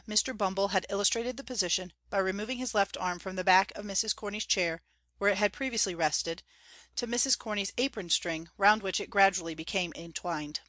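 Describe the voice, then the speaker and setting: A woman reading a classic novel aloud as audiobook narration, measured and clear. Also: medium pitch, a bit bright, no room sound. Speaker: audiobook reader.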